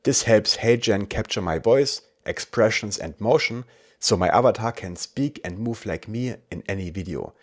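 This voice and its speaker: A man with a German accent, casually walking viewers through a software tutorial with dry asides. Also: fairly low pitch, moderate pace. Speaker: tech reviewer. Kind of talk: screen-recorded software tutorial.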